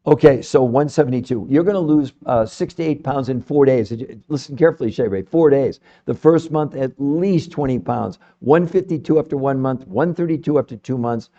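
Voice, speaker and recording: A middle-aged man hosting a live health stream, swinging between calm number-reading and loud, swearing pitches to his viewers. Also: normal speed, hardly any pauses, lo-fi sound.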